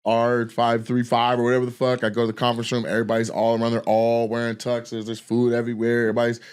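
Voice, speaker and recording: A podcast host and comedian with a medium-pitched, clean-toned voice talks fast. He casually tells a long, rambling, profane story, animated and full of restarts.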